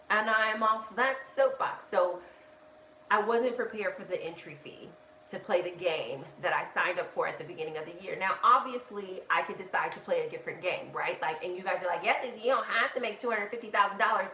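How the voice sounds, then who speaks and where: Woman, casual live-stream rant, animated, self-interrupting, bright tone, roomy echo, faint noise behind. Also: fairly low pitch, moderate pace. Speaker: budgeting vlogger hosting a live stream. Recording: echoey room with faint background noise.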